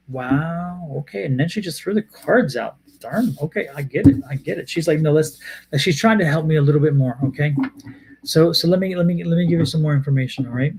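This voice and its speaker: Halting, rambling man reading tarot. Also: fairly high pitch, dark tone, breathy edge. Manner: rambling, repeats himself, many hesitations. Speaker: tarot reader. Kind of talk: live psychic tarot reading.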